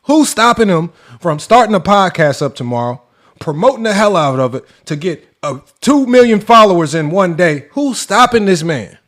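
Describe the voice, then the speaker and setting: Guy on a sports debate show going off, high-ish voice, keeps asking who's stopping him. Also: sing-song, moderate pace, a bit bright. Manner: exasperated, mocking, repeats rhetorical questions. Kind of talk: heated commentary rant.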